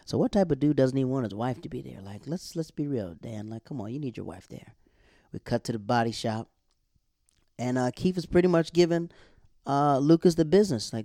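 A man casually recapping a TV episode, animated and slangy, acting out the characters' lines as he goes. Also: mid-range voice, fairly quick, no room sound, studio quality. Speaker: show recapper.

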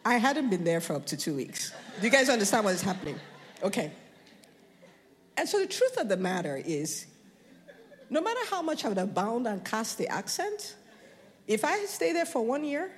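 An American woman preaching a sermon, animated, often asking the crowd questions and building up to shouting. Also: on the high side, normal speed, long pauses. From United States. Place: church. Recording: long reverb of a church hall.

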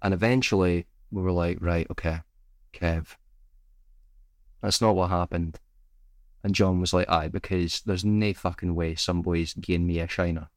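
Male co-host, lower register, dry studio mic, laughs a lot while telling tales. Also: fairly even intonation, normal speed, dry recording. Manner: swearing, laughing anecdote teller. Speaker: podcast co-host. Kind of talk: casual storytelling chat.

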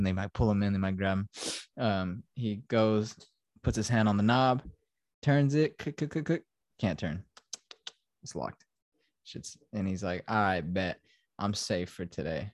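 Rambling, profane podcast host. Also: male voice, fairly low pitch, no room sound, clean studio sound. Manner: rambling, profane, with many fillers. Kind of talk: casual film recap.

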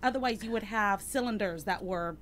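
A podcast host with a mid-range voice talks briskly over slight background noise in a casual chat. She reads a date review aloud and teases her cohost with crude jokes, her manner joking, teasing and profane.

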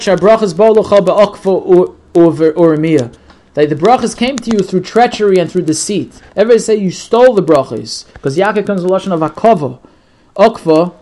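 Teaching the weekly Torah portion line by line, a man reads each Hebrew verse aloud, then translates and explains it. His voice is fairly high and a little mellow, and his English is sprinkled with Yiddish words and frequent sentence restarts.

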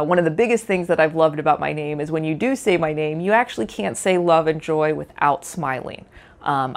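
Upbeat, chatty woman with a lowish voice. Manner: upbeat, chatty, many ums and uhs. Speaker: podcast host and art teacher. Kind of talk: solo podcast monologue.

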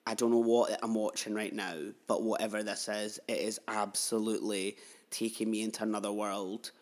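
A man in his thirties hosting a podcast, telling a personal story in a chatty, heartfelt way, full of asides. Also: fairly low pitch. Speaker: podcast host.

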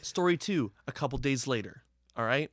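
A man's voice: medium pitch, animated, normal speed, no room sound, clean studio sound. Rambling, swearing man telling a tour story. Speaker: touring band member telling stories. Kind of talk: casual storytelling.

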